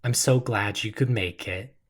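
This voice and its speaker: A man's voice: lowish voice, unhurried, slightly rough. A man voicing a cheerful, hospitable housewife in a tabletop role-play, speaking sweetly. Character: cheerful, perfectly normal housewife.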